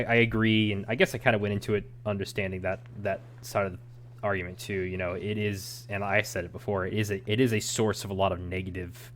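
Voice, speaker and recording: A man's voice: lowish voice, a bit bright. A young adult man co-hosting a podcast, giving his opinions in a rambling, ranting casual chat. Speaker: podcast co-host.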